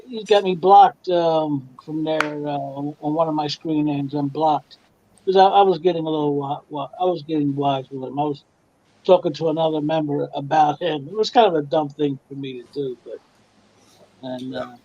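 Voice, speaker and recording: Mellow-voiced male caller on muffled audio. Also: a little high, moderate pace. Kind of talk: casual chat. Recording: dull lo-fi call audio.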